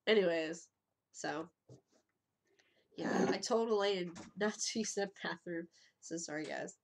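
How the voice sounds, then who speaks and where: A woman's voice: on the low side, unhurried, a little hiss or hum. A woman in her thirties hosting a casual live stream, rambling, swearing freely and giggling as she talks into a webcam mic. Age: 30s. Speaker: livestream host.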